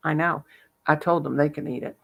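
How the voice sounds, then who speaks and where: A woman's voice: deep voice, steady tone, a little fast, vocal fry, muffled recording. An older woman vlogger, chatty and salty, telling home stories with frequent laughter. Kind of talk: casual chat, storytelling.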